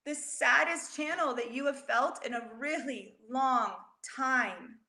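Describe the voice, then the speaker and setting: Animated woman teaching kids, roomy sound. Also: sits high, slow pace. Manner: animated, expressive, talks directly to children. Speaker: educator teaching children. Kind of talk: storytelling lesson for kids. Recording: roomy echo.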